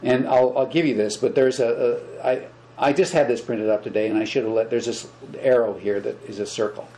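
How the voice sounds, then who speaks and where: A man leads an informal spiritual lecture for a small group. His voice sits at an ordinary middle pitch, and he talks gently, often repeating words. There is a faint hiss of background noise behind him. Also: a little fast, rough recording. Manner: gentle, repetitive, animated when acting out examples. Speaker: spiritual teacher.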